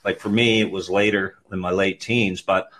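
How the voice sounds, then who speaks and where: A man hosts the conversation, asking meandering questions in an easy, chatty way. His voice is fairly low, with a husky, breathy edge. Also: fairly even intonation, moderate pace, a bit bright. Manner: loose, rambling questions. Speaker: interview host. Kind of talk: casual conversational interview.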